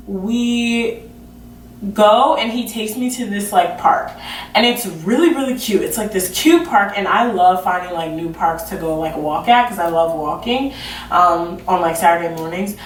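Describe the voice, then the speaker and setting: At a normal speed and in a mid-range voice, a young woman vlogger rambles through a storytime, leaning on "like" as filler and self-describing as awkward and goofy. Her distant mic sounds roomy and picks up a little hiss or hum.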